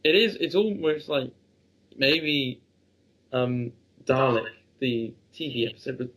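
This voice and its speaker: Man, podcast co-host, casual chat, admiring, halting restarts, mid pitch. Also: animated, fairly bright tone, low-quality recording.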